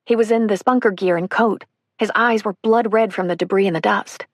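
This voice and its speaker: A woman's voice: medium pitch, fairly even intonation, brisk, no room sound, clean studio sound. A woman narrating a survivor's first-person account for an audiobook, earnest and emotional.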